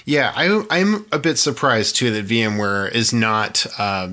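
A man's voice: mid-range voice, measured pace, sharp tone. A man co-hosting a tech podcast, talking casually with frequent restarts and fillers. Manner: hesitant, many restarts and fillers. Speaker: podcast co-host.

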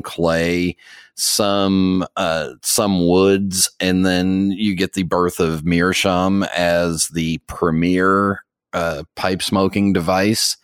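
Middle-aged male podcast co-host, low voice, dry studio sound, rambling and self-deprecating. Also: clean tone, dry recording. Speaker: podcast co-host, pipe tobacco expert. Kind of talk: casual podcast chat.

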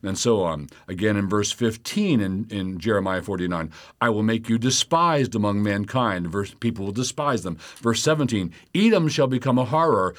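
Animated man teaching from scripture. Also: lowish voice. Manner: animated, rises sharply when quoting taunts; reads scripture aloud, explaining verse by verse. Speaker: pastor. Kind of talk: Bible teaching, answering listener questions.

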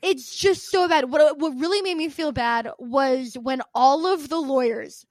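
A woman with a high, bright voice riffs on a podcast in loose, casual chat. She rants with open exasperation, swears freely and slips into other voices to act out the people she quotes. The sound is dry and close, with no room around it. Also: measured pace, no room sound. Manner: acts out quoted people with shifts of voice. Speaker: podcast co-host.

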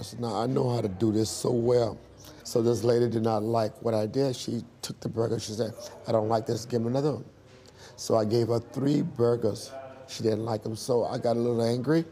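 A man in an interview, telling his life story in a lively storytelling way and acting out the dialogue. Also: medium pitch.

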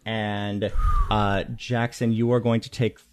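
A young man narrating a tabletop game as game master, calm and measured. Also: on the low side, clean tone.

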